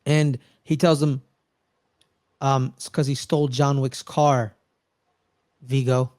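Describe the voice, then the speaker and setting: A man co-hosting a casual movie review chat, retelling scenes in an animated way and acting out the characters' lines. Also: medium pitch, slow pace, no room sound. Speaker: podcast co-host.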